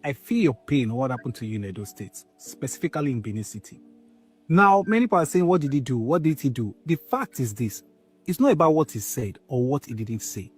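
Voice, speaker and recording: Male commentator, calm explainer, soft music under him. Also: medium pitch, husky. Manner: measured, explaining step by step.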